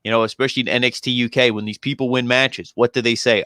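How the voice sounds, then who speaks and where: Opinionated guy reviewing wrestling, lots of you know, smooth clear voice, dry sound. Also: mid-range voice, flat delivery, fast, sharp tone, dry recording. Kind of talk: casual podcast chat.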